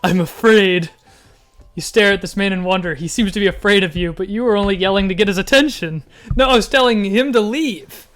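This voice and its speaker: A man casually commenting as he reads a text adventure game aloud, getting excited and laughing often. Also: high voice, quick pace, faint music behind. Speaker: gaming YouTuber.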